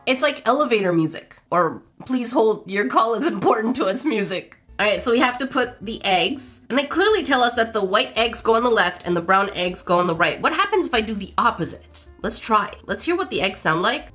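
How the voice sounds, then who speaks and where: A woman hosts a casual let's play of a mobile game. She talks in a bright, clear, somewhat high voice, playful and expressive, with big jumps in pitch and jokey asides to her viewers. Faint music plays under her talk. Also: a little fast, few pauses. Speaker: gaming channel host.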